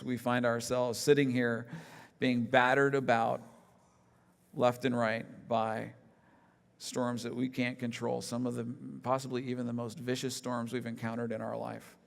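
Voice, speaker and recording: A man's voice: mid-range voice, creaky. A middle-aged man, a pastor, preaching a conversational sermon with humorous personal stories. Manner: storytelling, self-deprecating humor, conversational. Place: church sanctuary. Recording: large hall with long reverb.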